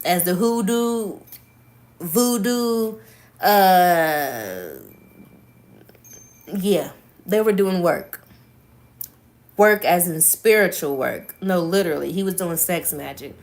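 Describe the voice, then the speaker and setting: A woman's voice: on the low side, a little mellow. A woman reading a book aloud on a live stream, breaking off for blunt, profane, emphatic asides.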